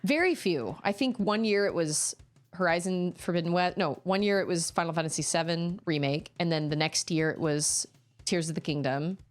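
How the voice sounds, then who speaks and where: A woman streaming a game, chatting casually and reacting with quick exclamations as she plays. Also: on the low side. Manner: chatty, animated, quick exclamations and laughs while playing. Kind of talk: casual live-stream chat while gaming. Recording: faint game music behind.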